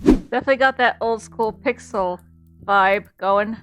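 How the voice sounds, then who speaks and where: A woman's voice: medium pitch, unhurried, clear, resonant tone, soft background music. A woman streamer giving jokey, giggly commentary while playing a story game. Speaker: VTuber streamer. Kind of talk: casual gameplay commentary.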